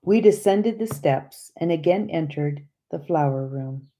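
Slow, low-voiced woman reading an audiobook. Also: animated, mellow. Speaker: audiobook reader. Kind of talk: scripted audiobook narration.

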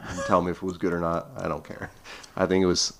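A man in his twenties, a podcast guest, telling lively stories in casual chat with lots of "like.". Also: low-pitched, fast, vocal fry. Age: 20s. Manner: lively storyteller, heavy filler "like".

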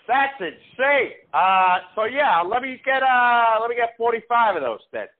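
A man's voice: very high-pitched, very animated, moderate pace. A man making a prank phone call, rambling and hesitant with lots of fillers. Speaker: prank caller. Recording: tinny phone line.

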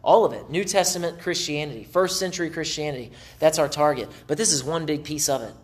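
Male pastor, middle-aged, relaxed talky sermon delivery, voice sits a touch high. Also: quick pace. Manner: conversational, animated preaching with acted asides.

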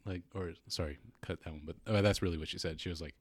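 A man's voice: deep voice, racing, hardly any pauses, no room sound. A young man co-hosting a podcast, telling a story in profane casual chat and acting out quotes with energy. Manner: profane storytelling, animated quoting. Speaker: podcast co-host.

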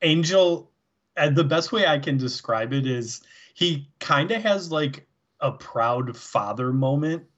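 A man's voice: on the high side, expressive, measured pace, a bit bright, dull audio. Easygoing guy cohosting a podcast, swears a lot, laughs along. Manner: laid-back, swears casually, laughs along. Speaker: podcast co-host. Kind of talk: casual recap chat.

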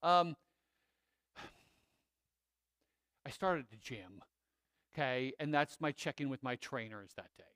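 A man giving casual church announcements with a relaxed, chatty manner. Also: mid-range voice, slow pace, long pauses, clear, resonant tone, no room sound. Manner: relaxed, chatty, laughs easily, trails off.

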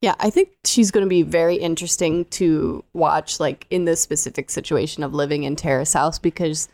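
A woman co-hosting a casual podcast recap, chatty and quick to laugh. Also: deep voice, fairly even intonation, a little mellow. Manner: chatty, laughs often, acts out quotes. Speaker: podcast co-host. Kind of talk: casual chat recapping a reality show.

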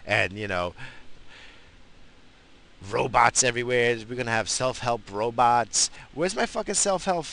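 A man's voice: medium pitch, expressive, measured pace, vocal fry, long pauses, fairly bright tone. A man hosting a casual solo podcast, rambling and swearing freely as he mocks himself, recorded at home on a podcast mic. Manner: rambling, profane, self-mocking. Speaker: podcast host.

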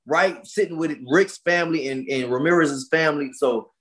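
A man's voice: on the high side, moderate pace. A man who is a boxer, telling stories in a casual podcast interview, rowdy and profane with lots of slang. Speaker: boxer guest.

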